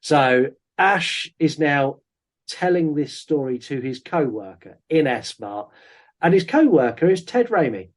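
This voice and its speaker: A man's voice: a little high, big pitch swings, a little slow. Chatty man hosting a podcast. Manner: chatty, with many ums and quoted lines. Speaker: podcast host. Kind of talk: casual film review chat.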